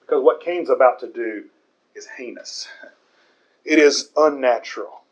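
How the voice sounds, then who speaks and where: A man preaching a sermon, explaining a Bible passage in an earnest, emphatic way with pauses and the odd chuckle. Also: medium pitch. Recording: dull lo-fi recording.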